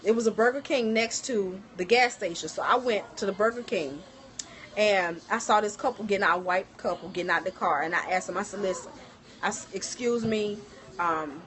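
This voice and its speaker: A woman's voice: mid-range voice, a little fast, slight background noise. A middle-aged woman chatting casually on a livestream, telling stories and talking straight to her viewers. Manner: animated storytelling, addresses viewers as y'all. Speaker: livestream host. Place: home kitchen.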